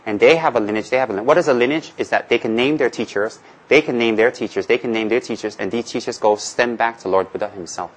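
A man's voice: medium pitch, fast, poor audio. Man, Buddhist teacher, informal Dharma talk, jokey, rhetorical questions, repeats himself.

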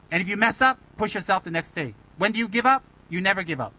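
High, bright-voiced playful Buddhist teacher. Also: male voice, animated, fast talker, poor audio. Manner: playful, teasing, rhetorical questions. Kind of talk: Dharma talk.

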